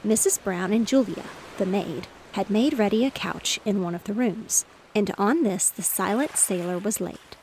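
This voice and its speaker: A woman narrating a bedtime story in a gentle, even way. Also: medium pitch, moderate pace, hardly any pauses, a little hiss or hum, rough recording. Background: ocean waves.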